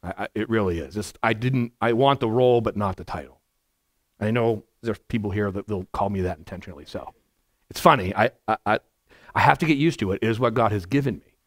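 A man, a pastor, giving a conversational verse-by-verse sermon to a congregation in a church, with a naturally loud voice and frequent "right?" asides. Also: fairly low pitch, fast talker. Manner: naturally loud, chatty, asks the room "right?". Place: church sanctuary before a congregation.

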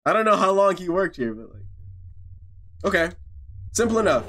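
A man giving casual gameplay commentary as a video host, profane, joking and excitable. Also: sits high, moderate pace, pauses often, slight background noise.

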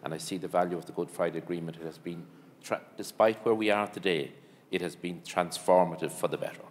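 Sixties politician, very deep voice, rapid delivery, echoing hall. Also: male voice, steady tone. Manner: brisk, formal. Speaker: politician on a panel. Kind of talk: panel discussion. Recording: hall with long reverb, faint hum.

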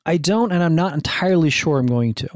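A man's voice: fairly high pitch, lively intonation, fast, no echo, clean studio sound. A man from New Jersey, a guest on a podcast interview, talking enthusiastically and rambling with many restarts. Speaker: guest, food writer and hunter.

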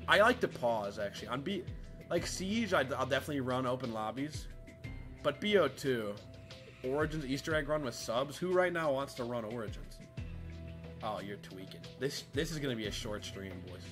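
A male livestreamer chatting casually and reading chat aloud while gaming. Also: mid-range voice. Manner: laid-back, chatty, reads chat aloud. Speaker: livestream gamer.

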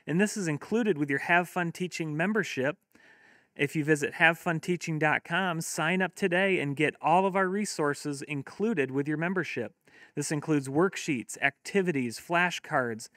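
A man walking teachers through a syllables worksheet, sounding out each word slowly, then pitching a membership. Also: bright, forceful tone, no room sound, studio quality. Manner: slow, sounds words out in syllables; upbeat promotional pitch. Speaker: teacher resource presenter.

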